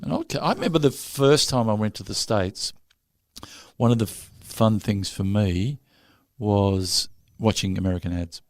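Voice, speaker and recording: A man's voice: lowish voice, moderate pace, faint music behind. An Australian man hosting a podcast, guessing aloud in a playful, jokey casual chat. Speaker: podcast host.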